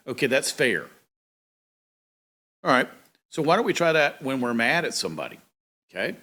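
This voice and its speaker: A man's voice: mid-range voice, very animated, moderate pace, pauses often, bright, forceful tone. A man who is a pastor, hosting a talk show with a chatty, folksy monologue and acting out quotes. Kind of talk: casual monologue.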